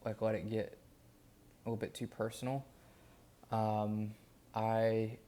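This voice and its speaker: A young man speaks in a low, gravelly voice, rambling candidly through an update. His delivery stays fairly flat, full of fillers and restarts. It sounds like a casual daily vlog. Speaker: vlogger documenting his days.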